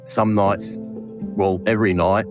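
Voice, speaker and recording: A man's voice: on the low side, flat delivery, takes it slowly, music in the background. An Australian man quoting a friend's words in a worried, reassuring tone. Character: anxious but hopeful middle-aged man, friendly.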